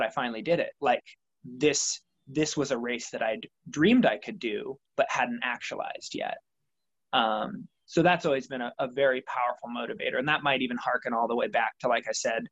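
Heard through lo-fi audio, this young man's voice sits at a medium pitch with a fairly bright tone. He's being interviewed as a triathlete about his motivation, and his answers are reflective and conversational, wandering along with many fillers.

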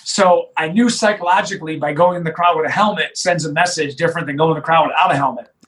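A middle-aged man, a sheriff telling his story in an interview with emphatic, animated delivery and frequent restarts. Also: on the high side, fast talker, rough recording.

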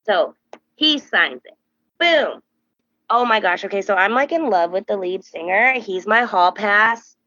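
Bright, chatty young woman host. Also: a little slow, dry recording, dull audio. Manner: animated, acts out quoted voices high and loud. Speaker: podcast host. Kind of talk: casual storytelling chat.

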